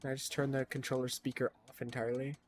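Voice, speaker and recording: A man livestreaming a video game, chatting casually, reading on-screen text aloud and blurting loud surprised reactions. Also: medium pitch, flat delivery, quick pace, a little hiss or hum. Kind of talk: casual game streaming commentary.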